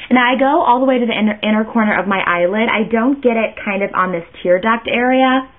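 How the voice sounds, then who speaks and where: A woman's voice: a little high, a little fast. Chatty woman, tinny lo-fi sound. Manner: chatty, rambling, self-interrupting. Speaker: beauty vlogger. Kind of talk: casual makeup tutorial.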